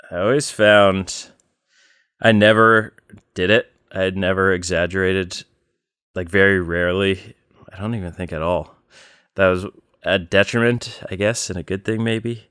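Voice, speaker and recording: A man co-hosting a podcast, telling plain, unhurried stories with many fillers in casual chat. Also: low voice, fairly bright tone, clear, resonant tone, no room sound, studio quality. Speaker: podcast co-host.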